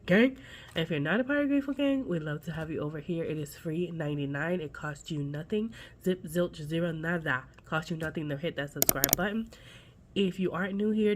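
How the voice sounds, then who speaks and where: A congested woman with a nasal voice, chatting casually to viewers as she sets up her budget binder. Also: low-pitched. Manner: chatty, folksy, talks straight to viewers. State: congested, under the weather. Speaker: budgeting channel host.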